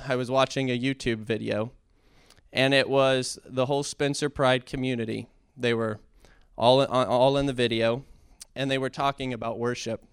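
A man sharing an earnest, halting testimony in a church talk that builds into impassioned preaching. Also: mid-range voice, clean tone, no echo, clean studio sound. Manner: earnest, halting, with many fillers and restarts. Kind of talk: heartfelt testimony sermon.

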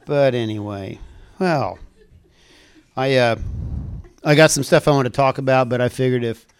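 Smooth-voiced older man telling stories. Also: mid-range voice, normal speed. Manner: rambling, chuckles at his own puns. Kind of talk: casual storytelling testimony.

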